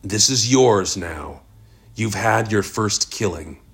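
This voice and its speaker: A man's voice: lowish voice, lively intonation, takes it slowly, breathy edge, full character voice. A man voicing a sinister male barkeep who kills for sport, speaking in a matter-of-fact, methodical way. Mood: gleeful.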